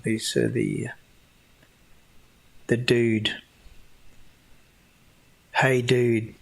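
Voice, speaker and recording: A man hosting a casual livestream Q&A, answering chat questions in a rambling way with many restarts and a scornful tone toward flat-earth believers. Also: mid-range voice.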